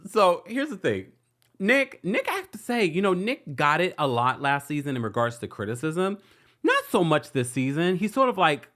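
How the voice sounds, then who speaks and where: A man's voice: a little high, a bit bright. A man hosting a casual recap stream, laughing often and reading out viewer comments. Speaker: host. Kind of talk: casual recap livestream chat.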